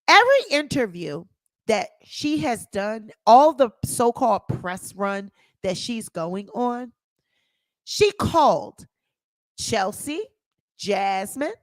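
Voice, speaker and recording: A woman's voice: fairly high pitch, no room sound. A woman hosting a casual livestream commentary, talking sassy and profane straight to her audience. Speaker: commentary show host.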